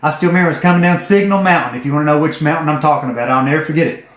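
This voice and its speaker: A man's voice: a little high, rapid-fire, a bit bright. A man, telling a folksy, profane story to camera. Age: 40s. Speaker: vlogger telling his business story. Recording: echoey room.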